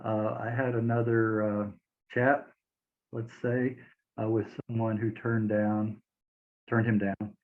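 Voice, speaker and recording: Male interviewer, unhurried speech, tinny phone-like sound, laughs along encouragingly. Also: fairly low pitch, little pitch movement. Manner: laughs often, encouraging backchannel. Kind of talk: casual interview. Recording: tinny phone-line audio.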